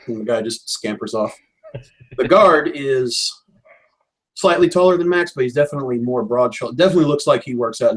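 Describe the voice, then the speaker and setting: Husky-voiced man running a tabletop game. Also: mid-range voice, low-quality recording. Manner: descriptive, measured storytelling. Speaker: game master.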